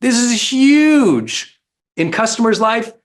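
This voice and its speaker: A man leads a motivational seminar on life coaching. His voice sits fairly high for a man, and he talks in an animated, emphatic way, driving points home with repeated phrases. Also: slow.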